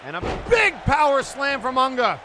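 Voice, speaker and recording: A man calling play-by-play for an online wrestling show, excitable and bursting into frantic shouting at big moments. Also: very high voice, moderate pace. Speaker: wrestling commentator. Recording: loud music and crowd noise behind.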